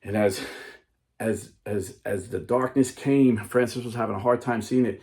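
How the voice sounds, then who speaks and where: A man's voice: on the low side, steady tone, normal speed, darkish tone. Man telling a dramatic story. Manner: emphatic, acts out characters. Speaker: speaker.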